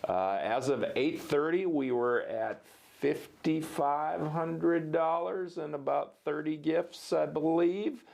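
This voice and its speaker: A man's voice: on the high side, slow, gravelly, a little mellow. A middle-aged man from Minnesota, a university vice president, telling stories in a casual interview with many fillers and restarts.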